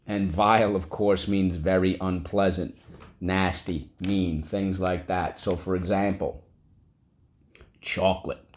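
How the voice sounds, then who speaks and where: Low-voiced guy teaching kids words, slow and drawn out, breaks em into syllables. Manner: drawn-out, syllable-by-syllable word drills. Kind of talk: vocabulary lesson for children. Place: classroom.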